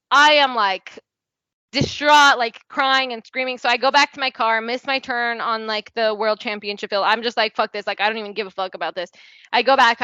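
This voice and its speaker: A woman's voice: fairly high pitch, pushed and bright, no echo. A young adult woman telling a personal story as a guest on a casual podcast. She talks candidly, fills her sentences with "like", swears freely and acts out what people said. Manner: chatty and candid, peppers speech with "like" and swearing, acts out quoted dialogue. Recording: dry, slightly dull podcast audio.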